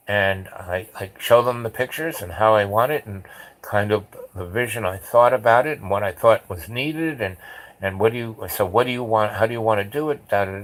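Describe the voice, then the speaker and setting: A man's voice: fairly low pitch, low-quality recording. A man telling a long casual anecdote, rambling with restarts and acting out the dialogue. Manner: rambling, full of "you know" and restarts; acts out dialogue in retold conversations. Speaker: storyteller.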